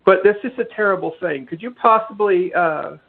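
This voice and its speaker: A man's voice: high-pitched, normal speed, vocal fry. A man calling in to a comedic radio show, prim and fussy, speaking in a disapproving tone. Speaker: caller. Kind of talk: comedic call-in radio bit. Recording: tinny phone line.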